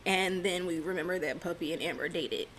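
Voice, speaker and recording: Chatty, sarcastic woman with a lowish voice. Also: fairly quick, a bit bright, slight background noise. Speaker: reality TV recap vlogger. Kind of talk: casual recap chat.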